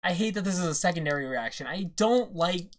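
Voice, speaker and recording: A reaction-video host in casual commentary who reads comic dialogue aloud, rants excitedly and swears freely. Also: mid-range voice, a little fast.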